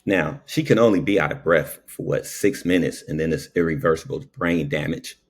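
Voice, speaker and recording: A man's voice: a bass voice, normal speed. A man who works as a paramedic, telling a story in a casual, preachy monologue and tagging his lines with "okay?".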